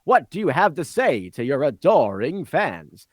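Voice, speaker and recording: A man voicing a brash floating microphone that hosts a monster fight like a game-show announcer, loud and showy. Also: sing-song, a little slow, no echo, studio quality. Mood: announcing. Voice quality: loud, booming showman delivery.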